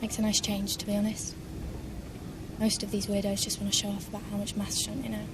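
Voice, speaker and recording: A woman plays a dry, teasing young woman who talks in a flat, level tone. Clear background noise runs through the film dialogue. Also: medium pitch, a little fast, natural voice.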